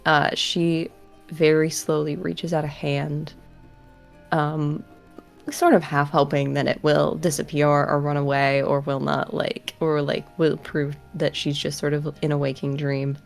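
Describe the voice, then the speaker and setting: Low gravelly-voiced woman player. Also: little pitch movement, a little slow, faint music behind. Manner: hesitant, many ums. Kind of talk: narrating her character's actions.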